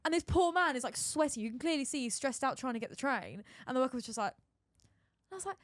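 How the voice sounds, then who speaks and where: Young female co-host, rapid chatty delivery, dry close sound. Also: high-pitched, animated, dry recording. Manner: chatty, gives advice, tells stories with emphasis. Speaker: podcast co-host. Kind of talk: casual chat.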